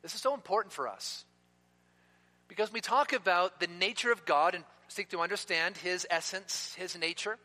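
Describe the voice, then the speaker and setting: A man preaching a sermon in an emphatic way, slowing down to stress key words. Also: high voice, pushed and bright. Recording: long reverb of a hall.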